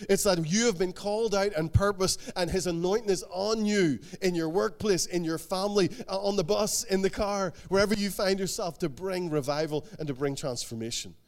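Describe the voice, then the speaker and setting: A man preaching a sermon, animated, voicing the people in the stories he tells. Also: sits high, moderate pace, hardly any pauses. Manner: animated, acts out the quotes he tells. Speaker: pastor.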